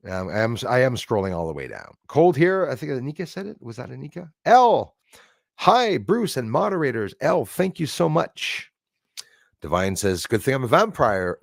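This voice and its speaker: A man's voice: mid-range voice, no room sound, clean studio sound. A middle-aged man from Canada hosting a live stream, chatting casually and rambling as he reads viewer comments aloud. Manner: chatty, rambling, laughs often.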